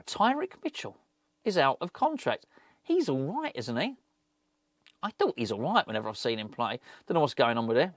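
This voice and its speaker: A man's voice: mid-range voice, very animated, fairly quick, no echo, clean studio sound. A middle-aged man, hosting a fan channel and chatting casually on his own with rambling, jokey asides. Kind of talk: casual solo football chat.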